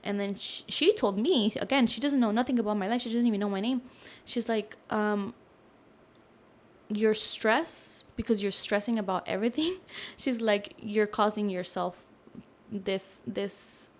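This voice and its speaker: Speaking a little slowly, a young woman guesting on a podcast tells a story about herself. She's relaxed and expressive, leans on fillers, and uses a deeper voice when repeating what others said.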